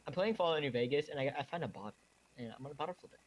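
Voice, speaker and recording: A man's voice: on the high side, lively intonation, rapid-fire, highs cut off, a little hiss or hum. A young man co-hosting a podcast, chiming in with teasing remarks. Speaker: podcast co-host. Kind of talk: casual chat.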